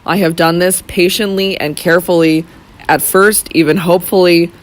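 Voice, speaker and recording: A reader voicing a grave young gentleman who accuses slowly, solemnly and without pity. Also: medium pitch, steady tone, natural voice. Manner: slow, solemn, measured. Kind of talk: audiobook character voice.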